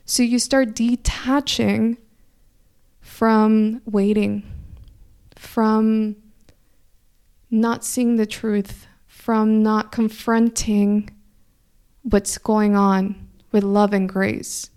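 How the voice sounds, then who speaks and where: A young adult woman, a coach hosting a weekly inspirational talk, speaking in a gentle, encouraging, reflective way. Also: mid-range voice, level tone, extremely slow, pauses often, clear, resonant tone. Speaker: spiritual coach host.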